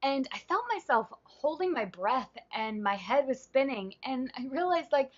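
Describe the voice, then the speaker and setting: A woman's voice: sits high, fairly bright tone. A woman life coach talking casually to camera in a chatty, rambling way, full of playful digressions. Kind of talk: casual vlog talk to camera. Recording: slightly dull lo-fi sound.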